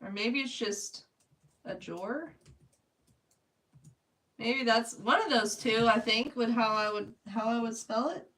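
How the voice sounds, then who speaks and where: Slow-talking woman, chatty livestream artist. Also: a little high, a bit bright. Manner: chatty, answers viewers by name, laughs often. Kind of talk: casual live-stream chat while painting. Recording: voice a bit distant from the mic.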